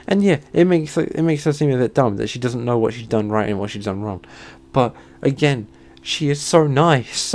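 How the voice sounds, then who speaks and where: A man telling a heated storytime rant, swearing often and flaring into shouted outbursts before sighing and calming down. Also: medium pitch, normal speed, no room sound. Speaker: channel host. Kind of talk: ranting storytime monologue.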